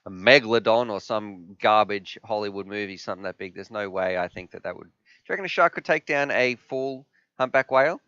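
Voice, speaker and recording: Man, live stream host, joking banter, smooth clear voice, slightly muffled dry sound. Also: fairly low pitch, fairly quick, pushed and bright, dry recording. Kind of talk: casual live stream chat.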